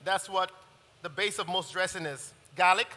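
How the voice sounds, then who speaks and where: A man teaching a live cooking masterclass, explaining in a relaxed, halting way as he works. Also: sits high. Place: event hall with audience. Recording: long reverb of a large hall.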